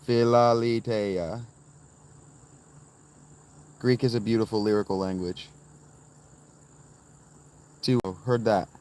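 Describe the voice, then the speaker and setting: A man casually chatting on a livestream from inside a tent, answering viewers in the chat by name. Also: medium pitch. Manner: rambling, answers chat viewers by name, sudden sing-song chanting. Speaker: livestream host reading chat.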